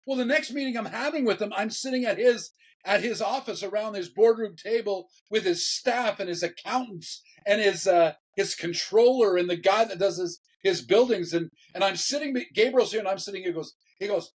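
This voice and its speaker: Animated male pastor telling a story. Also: high voice, normal speed, poor audio. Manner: animated, repeats words, laughs while telling. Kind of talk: casual storytelling interview.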